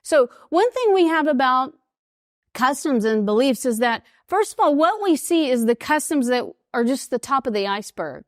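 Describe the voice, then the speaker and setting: A woman in her fifties with an East Texas accent gives a lively talk to an audience. Her voice sits a little high, and the sound is close and dry. She acts out the voices in her stories as she tells them. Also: moderate pace, dry recording. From United States. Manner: lively storyteller who acts out quoted voices. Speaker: speaker at an international school.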